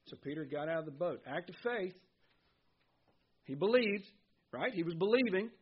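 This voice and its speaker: A man's voice: high voice, animated, normal speed, long pauses, dull audio, slight background noise. A man preaching a sermon as pastor, reading scripture and asking his listeners questions. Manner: earnest preaching, reads scripture aloud, asks the congregation questions.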